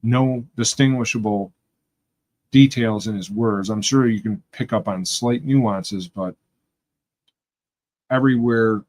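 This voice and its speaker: A man's voice: fairly low pitch, darkish tone. A man from Western New York hosting a livestream, chatting casually and rambling as he talks to his viewers. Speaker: livestream host. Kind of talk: casual chat with live viewers.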